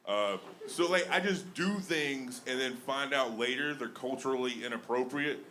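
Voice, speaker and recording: Bright-toned Alabama comic on stage. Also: male voice, medium pitch, normal speed, slight background noise. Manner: self-mocking, chatty with laughs in the flow. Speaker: stand-up comedian. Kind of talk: stand-up comedy set. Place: comedy club stage.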